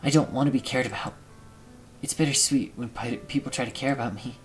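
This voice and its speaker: A man reading as a quiet, hurt teenage girl. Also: mid-range voice, a little fast, soft background music, lightly acted, low-quality recording. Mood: hurt, subdued. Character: shy, sad teenage girl from a visual novel. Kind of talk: reading game dialogue aloud.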